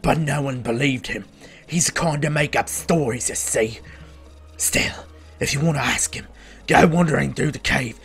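A man voicing a mysterious male elf quest-giver in a strange put-on accent, low and hushed. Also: normal speed, faint music behind, natural voice. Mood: grave, hushed.

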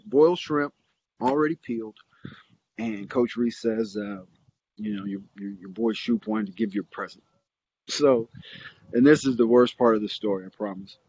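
A man's voice: mid-range voice, muffled recording. A middle-aged man, a football coach, telling a long rambling story with lots of fillers and restarts. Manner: rambling, animated anecdote with many fillers and restarts. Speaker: interview guest, football coach. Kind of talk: casual storytelling.

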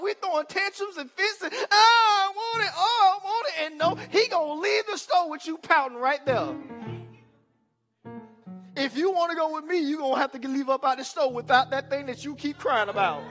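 Male pastor, very high voice, sermon, repeats lines, talks straight to the congregation, quick asides. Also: a bit bright. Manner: repetitive preaching, breaks off with asides; conversational, addresses the congregation directly.

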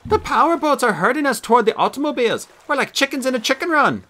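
A man voicing a calm female artificial intelligence with a cool, matter-of-fact delivery. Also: very high voice, fast, pitched above the performer's own voice, heavily acted.

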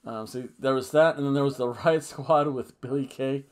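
Medium-pitched and moderately paced, this man casually reviews a wrestling show as a podcast co-host. He's a bit tipsy from red wine, jokey and rambling, and slips into silly songs and chants.

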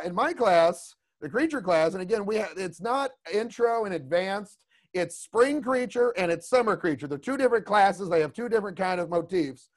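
A man teaching a creature design class over a video call, chatty and rambling with lots of asides. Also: high voice. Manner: rambling, chatty, lots of "you know what I mean". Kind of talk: casual online class talk.

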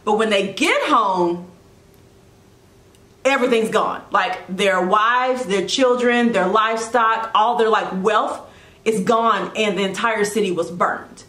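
A woman giving a casual devotional talk about leadership, animated and chatty, with quick asides and self-corrections. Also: medium pitch, echoey room. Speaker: Christian blogger giving devotional teaching.

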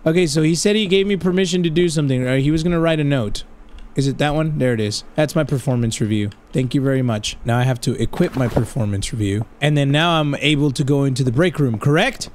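A man giving excitable, profane let's play commentary, talking straight to his viewers and dropping Spanish slang exclamations. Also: on the high side, fast talker, slight background noise. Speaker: gaming channel host.

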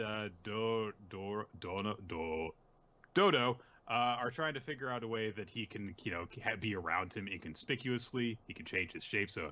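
A man hosting a podcast, casually recapping a manga chapter and halting often with fillers. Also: lowish voice, sharp tone, muffled recording, slight background noise. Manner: rambling, halting with many fillers. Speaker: podcast host.

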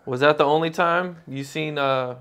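A man's voice: fairly high pitch, moderate pace, a bit bright, a little hiss or hum. A man hosting an interview, asking short curious questions and reacting briefly. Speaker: interviewer, host.

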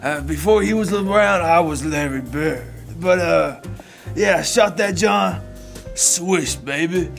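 A man's voice: fairly high pitch, takes it slowly, vocal fry. A young man voicing a crotchety old grandpa who rambles and boasts about basketball in a comedy sketch, with music playing behind. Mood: rambling.

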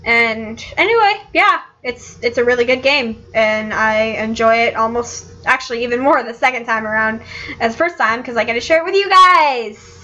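A woman gives joking, offhand commentary while playing a game. Her voice is fairly high and bright, and the recording is slightly muffled with a faint hiss. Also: normal speed. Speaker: let's play host.

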